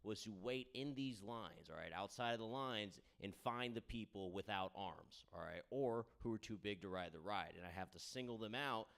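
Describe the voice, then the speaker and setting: A young male stand-up comic on a club stage, talking into a handheld mic. His voice sits a little low and sounds smooth and clean, and he rambles loosely, leaning on fillers and tagging lines with "all right?" as he riffs on the crowd. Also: moderate pace, few pauses, a bit bright. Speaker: stand-up comedian. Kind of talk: stand-up set with crowd work.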